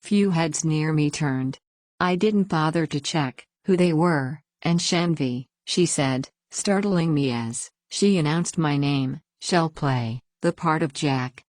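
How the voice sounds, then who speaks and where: Female story reader, very low voice, dry close sound, plain even first-person narration. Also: slow pace, dry recording.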